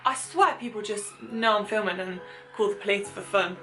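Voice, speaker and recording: A woman's voice: mid-range voice, moderate pace, a bit bright, faint music behind. A young British woman talking candidly in a casual vlog, chatty with many fillers, swearing and self-mocking asides. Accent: British English. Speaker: vlogger. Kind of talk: casual confessional chat.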